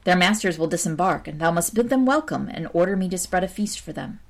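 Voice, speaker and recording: A woman's voice: lowish voice, expressive, a little fast, creaky. A woman voicing an invisible, devoted magical servant in a read-aloud folk tale, with archaic, reassuring speech. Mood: instructive.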